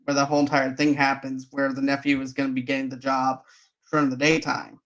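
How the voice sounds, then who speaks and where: A man's voice: medium pitch, monotone, brisk, a bit bright. Rambling man retelling movie scenes. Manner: rambling, retells scenes with many fillers and restarts. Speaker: podcast host. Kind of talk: casual movie review chat.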